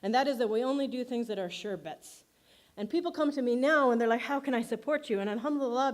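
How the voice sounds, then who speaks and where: A woman's voice: on the high side, darkish tone. A woman filmmaker giving an award acceptance speech, chatty and self-deprecating, laughing often between her words.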